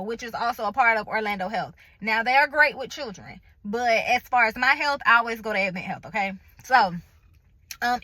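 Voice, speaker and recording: A woman with a high, bright, sharp voice tells a personal story straight to her viewers. She talks emphatically and colloquially, acting out each conversation she retells. The recording is dry and close, with no room sound. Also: dry recording, poor audio. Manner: colloquial, chatty, addresses viewers directly. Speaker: vlogger sharing a health update.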